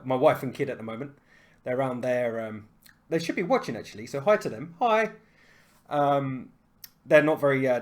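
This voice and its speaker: A young adult man from the United Kingdom, a chess streamer chatting casually to his viewers in an excitable, self-mocking way. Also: fairly high pitch. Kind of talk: casual live-stream chat.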